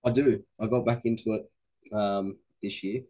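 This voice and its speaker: Australian male guest, relaxed and agreeable, warm husky low tone. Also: normal speed. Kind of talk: casual sports chat.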